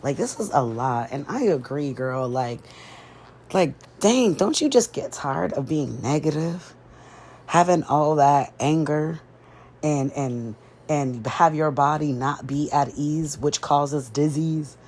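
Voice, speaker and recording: A woman's voice: low voice, slow, a little mellow, a little hiss or hum. A woman hosting a reaction video, chatting casually to viewers and acting out what the people on the show said. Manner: chatty, addresses viewers as y'all, acts out quotes. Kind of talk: casual reality-show recap and commentary.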